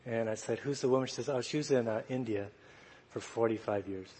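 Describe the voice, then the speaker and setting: Soft-spoken male preacher, mid-pitched, easy storytelling, reverberant church hall. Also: brisk, a little hiss or hum. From United States. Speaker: guest preacher. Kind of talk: sermon storytelling.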